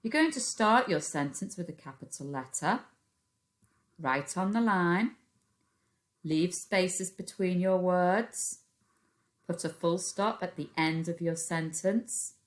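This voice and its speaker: A woman with a British accent, a primary school teacher giving a recorded phonics lesson to young children, patiently sounding out words into a computer microphone. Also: lowish voice. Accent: British English.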